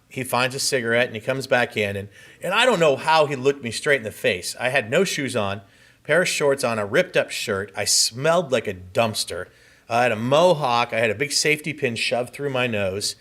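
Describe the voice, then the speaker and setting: Speaking in a conference hall, this man from Southern California has a mid-range, fairly bright voice. His speech is a personal testimony, delivered as earnest and vivid first-person storytelling.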